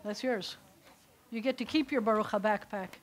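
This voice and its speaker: A woman with a Southern American accent leading a congregation through a service, giving gentle instructions. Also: medium pitch, normal speed, slight background noise. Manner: warm instructive directions to a congregation. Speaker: service leader.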